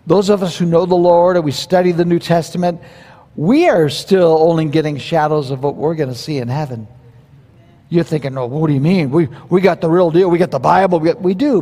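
A pastor preaching a verse-by-verse sermon in a conversational, animated way, with quoted asides. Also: male voice, fairly high pitch, long reverb tail.

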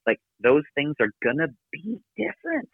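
A man giving an energetic, emphatic motivational talk from his office as a podcast guest. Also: fairly high pitch, gravelly, husky, no room sound. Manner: energetic, emphatic, rapid coaching delivery. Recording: dry, phone-like narrow sound.

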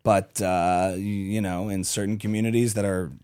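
A man, a comedian guest, talking in a casual podcast chat, animated and rambling with frequent restarts. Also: low voice, normal speed, clear, resonant tone.

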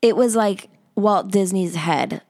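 A woman in casual chat, joking with drawn-out comic exaggeration. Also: mid-range voice, gravelly, darkish tone, no room sound, studio quality. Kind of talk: casual chat recapping a reality show.

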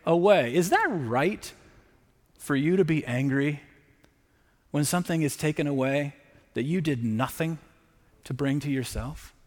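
A male pastor with a high-pitched voice delivers a sermon in a relaxed, conversational way. He leans into dramatic emphasis and keeps asking the congregation "right?". The sound carries a long, ringing reverb from a large church hall. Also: unhurried, pauses often. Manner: conversational preaching, with frequent "right?" tag questions.

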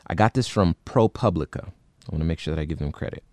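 A man's voice: rumbling low, fast, a little mellow, dry recording. A man hosting a show, recounting a video in earnest, indignant commentary with many fillers and restarts. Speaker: podcast host.

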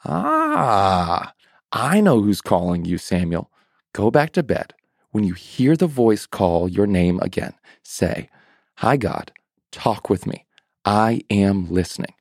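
A man's voice: fairly low pitch, very animated, slow, gravelly, no echo, clean studio sound, exaggerated voice. A man voicing a sleepy old priest who grumbles when woken, in a storybook reading. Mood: knowing.

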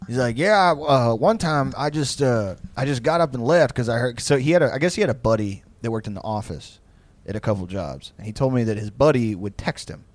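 A man's voice: medium pitch, animated, fairly quick, no echo. A young man co-hosting a podcast, telling rambling, profane stories in casual chat. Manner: profane, rambling storytelling with frequent laughs. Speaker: podcast co-host.

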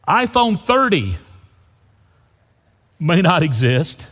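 Pastor guy preaching, lively swinging voice, kinda high, big echoey church. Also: a little slow. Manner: emphatic preaching, dropping to hushed lows for key phrases. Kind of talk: sermon. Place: church sanctuary. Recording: long reverb of a church hall.

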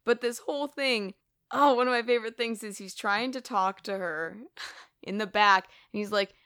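Woman, podcast co-host, casual film recap, animated, frequent laughs, smooth clear voice. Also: mid-range voice, moderate pace, dry recording, studio quality.

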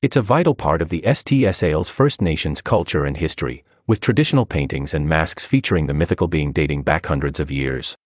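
A man reading a feature article aloud as scripted narration, in an expressive storytelling manner. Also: a bass voice, fairly quick, hardly any pauses, no room sound, clean studio sound.

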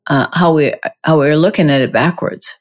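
A woman's voice: low voice, moderate pace. A woman co-hosting a casual, reflective conversation, rambling with many restarts and fillers.

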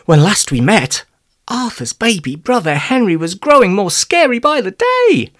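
A man's voice: high voice, wildly swooping pitch, moderate pace, fairly bright tone, no room sound. A man reading a rhyming children's story in a playful, theatrical way. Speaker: narrator.

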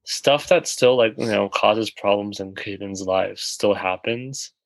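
A man asks a question in an informal group talk, his voice low and recorded dry and close. He talks in a halting, self-conscious way and keeps restarting his sentences. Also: gravelly, no echo, low-quality recording. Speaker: participant asking a question.

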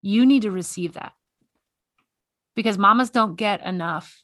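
A woman's voice: medium pitch, measured pace, fairly bright tone, no echo. A woman hosting a faith-based conversation, earnest and exhorting, often repeating words as she speaks. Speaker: podcast host.

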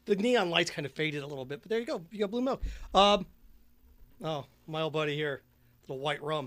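A podcast host with a high, fairly bright voice and lively intonation talks fast in a dry recording. He jokes and rambles casually while mixing a drink, humming and singing along as he goes.

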